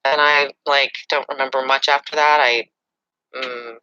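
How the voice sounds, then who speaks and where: A woman's voice: extremely low pitch, fairly even intonation, measured pace, sharp tone, dull audio, a little hiss or hum. A woman telling a personal story in a casual interview, with a dramatic, breathless way of talking. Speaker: interview guest.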